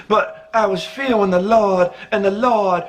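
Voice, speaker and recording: A man's voice: high voice, measured pace, faint music behind. A man telling a funny personal story in a casual way, chuckling often as he goes. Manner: animated, jokey delivery.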